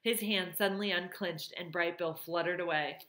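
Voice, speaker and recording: A woman reading a novel aloud, sometimes pausing to comment on the story. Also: on the low side, fairly even intonation, fairly bright tone, echoey room. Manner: pauses to comment on the plot. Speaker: reader.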